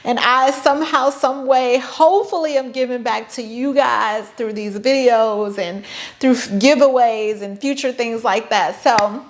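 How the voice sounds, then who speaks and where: Chatty mom vlogger, slightly high voice. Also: female voice, steady tone, a little slow. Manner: chatty, playful, sarcastic asides. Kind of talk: casual talk to camera.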